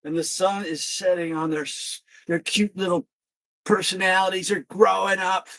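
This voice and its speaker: High-voiced man coaching an exercise class. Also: moderate pace. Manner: energetic, shouts encouragement and counts aloud. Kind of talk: leading an online exercise class.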